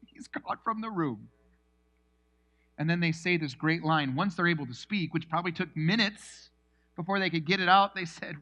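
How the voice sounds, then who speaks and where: Casting: bright, high-voiced male pastor, lively storyteller, slightly dull recording. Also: normal speed. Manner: animated storytelling, acts out scenes. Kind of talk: sermon.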